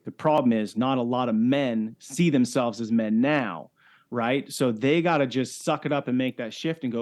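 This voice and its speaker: A middle-aged man talks as a guest in a casual podcast chat. His tone is emphatic and persuasive, and he punctuates his points with quick "right?" check-ins. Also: mid-range voice, a little mellow. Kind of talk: casual faith-based conversation.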